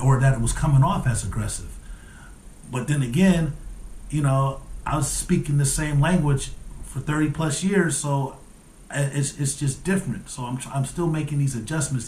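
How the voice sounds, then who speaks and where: A man's voice: medium pitch, a little mellow, slight background noise. Earnest man in an echoey room. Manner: earnest, repeats words while searching for phrasing. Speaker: vlogger formerly incarcerated, working with parolees. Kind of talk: reflective casual monologue.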